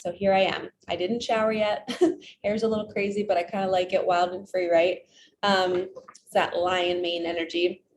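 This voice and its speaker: A woman talks as a spiritual coach in a relaxed, chatty vlog. She tells everyday stories and acts out her own inner questions as she goes. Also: lowish voice, normal speed, a little hiss or hum. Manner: chatty, retells stories with quoted self-talk. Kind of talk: casual vlog storytelling.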